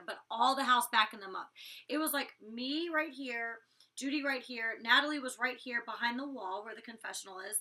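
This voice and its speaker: This young woman, a reality show cast member, goes over an episode in quick, casual storytelling that's blunt, sweary and crammed with "like." Her voice is a little high, bright and forceful, and she sounds far from the mic.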